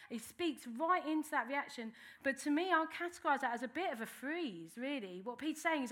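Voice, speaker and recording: A woman delivers a sermon with a bright, slightly high voice. She speaks earnestly and conversationally, restarting phrases as she goes. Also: expressive, brisk, hardly any pauses. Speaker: preacher.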